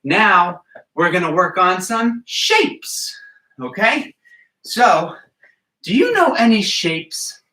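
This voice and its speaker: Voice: medium pitch, sing-song, takes it slowly, sharp tone. A gymnastics coach leading a children's movement class, counting aloud and encouraging small children and their parents. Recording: roomy, distant from the mic.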